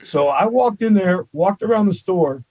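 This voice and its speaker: A man who coaches college baseball, appearing as a podcast guest. He tells stories in a lively, chatty way, with plenty of "you know" along the way. His voice sits on the higher side and sounds dry and close, with no room echo. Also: moderate pace, breathy edge. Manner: animated storyteller, peppered with "you know". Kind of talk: casual storytelling in an interview.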